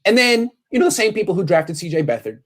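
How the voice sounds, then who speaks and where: Animated man talking sports. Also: sits high. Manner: animated, quotes people in quick impressions. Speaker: podcast host. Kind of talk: casual sports talk.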